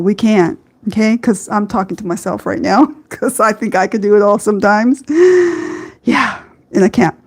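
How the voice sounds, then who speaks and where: Hosting a faith podcast streamed live, this woman has a slightly high, darkish voice. Her earnest talk wanders a bit, dotted with fillers and little laughs.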